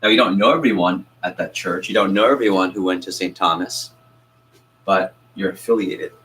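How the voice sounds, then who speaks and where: Energetic male sales trainer, low voice. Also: moderate pace, rough recording. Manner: energetic, asks the group questions and acts out phone calls. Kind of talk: coaching a training class.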